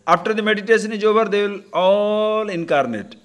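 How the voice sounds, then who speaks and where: A man's voice: sits high, a little fast. An older man giving a spiritual lecture, teasing and acting out little scenes. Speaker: spiritual teacher.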